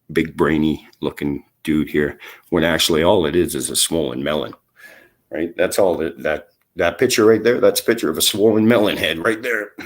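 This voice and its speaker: Guy, middle-aged, lowish voice, rambling angry rant to camera, swears constantly. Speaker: vlogger.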